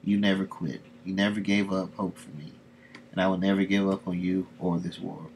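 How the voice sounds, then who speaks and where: Man reading a caring younger brother from a comic, soft plain voice, low pitch. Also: fairly even intonation, moderate pace, creaky, slight background noise. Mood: earnest. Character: earnest young man comforting his brother.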